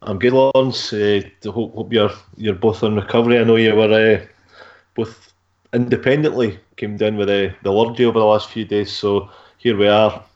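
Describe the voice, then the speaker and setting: A man's voice: on the low side, fairly even intonation, normal speed, darkish tone. Easygoing man on a lo-fi line. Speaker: podcast co-host.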